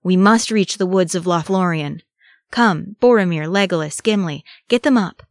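Woman doing a rasping, grieving ranger leader. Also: sits low, steady tone, moderate pace, dry recording, clean studio sound. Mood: urgent. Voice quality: harsh rasp. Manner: urgent, clipped commands. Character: grieving male ranger leader, stern and commanding.

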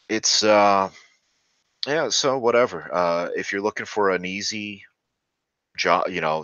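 A man's voice: low voice, pushed and bright, dry recording. A man ranting sarcastically and crudely, stumbling over fillers and restarts. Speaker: channel host. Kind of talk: ranting monologue. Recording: dull lo-fi recording.

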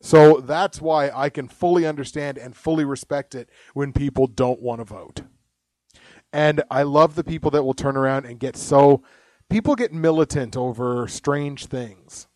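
A man's voice: medium pitch, moderate pace, darkish tone, no echo. A man hosting a casual podcast, rambling, swearing constantly and laughing at his own jokes. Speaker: podcast host. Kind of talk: casual profane podcast chat.

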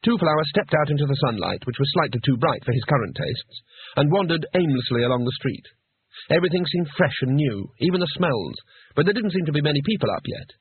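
A man narrating an audiobook in a lively, expressive storytelling way. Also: a little high, a little fast. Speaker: audiobook reader. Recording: husky, dry, phone-like narrow sound.

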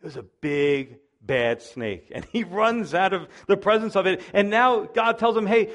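A man's voice: high voice, expressive, a little slow, fairly bright tone. A man preaching a sermon as pastor, in a chatty storytelling way.

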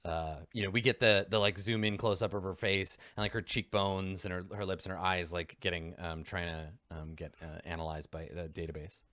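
A man's voice: low-pitched, steady tone, brisk, few pauses, a bit bright, dry recording. A man narrating as game master of a tabletop role-playing game, rambling with lots of fillers.

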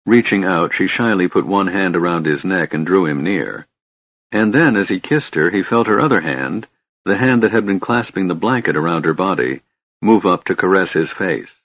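Man, fantasy audiobook narrator, measured, low-pitched, breathy, dull dry recording. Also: lively intonation, no echo.

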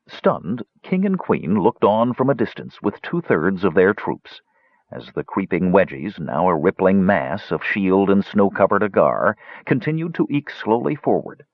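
A man in scripted audiobook narration, telling a fantasy story with animated delivery. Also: low voice, unhurried, dry recording. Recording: dull, dry lo-fi recording.

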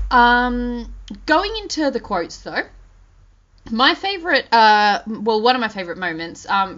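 A woman co-hosting a casual chat, talking in an animated way with many fillers and restarts. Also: medium pitch. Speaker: podcast co-host. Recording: dull lo-fi audio.

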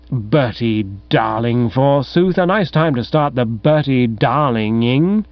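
A man narrating a comic first-person story in a wry, animated storytelling manner. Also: mid-range voice, takes it slowly, no echo. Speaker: audiobook narrator. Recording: dull, dry recording.

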